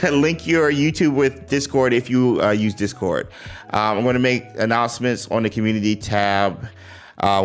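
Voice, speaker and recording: A man's voice: lowish voice, fairly bright tone. A young man hosting a casual livestream, greeting chat viewers and pleading with exasperated sighs and laughs. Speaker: livestream host. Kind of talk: casual live-stream chat.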